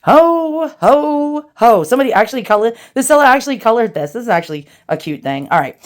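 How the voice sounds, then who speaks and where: Woman with a New York accent, chatty unboxing host who talks right to the viewers, mid pitch, close mic. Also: big pitch swings, rapid-fire. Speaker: relic restorer and video host. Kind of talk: casual unboxing commentary.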